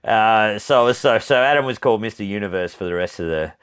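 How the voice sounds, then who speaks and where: Rambling Australian bloke telling a yarn. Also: male voice, lowish voice, a little fast, fairly bright tone, clean tone. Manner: rambling, laughs often, swears freely. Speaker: podcast co-host. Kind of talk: casual storytelling chat.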